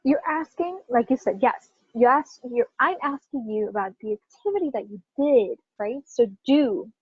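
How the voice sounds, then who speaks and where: A woman with a fairly high, slightly husky voice teaches pronunciation to a class. She stresses key words with emphasis and keeps checking in with her learners. The recording is dry and a bit muffled. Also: normal speed, no echo. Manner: animated, emphatic, checks in with "right?" often. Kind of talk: classroom lesson.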